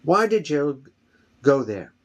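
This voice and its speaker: A man's voice: fairly high pitch, very animated, unhurried, pitched above the performer's own voice. A man voicing an agitated young bard in a home story reading, exclaiming his worries. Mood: distressed.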